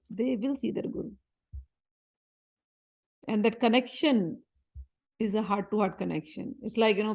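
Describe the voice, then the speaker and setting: A woman with a fairly high voice gives a spiritual talk as a teacher. She tells stories with animation and repeats key phrases for emphasis. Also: a little mellow.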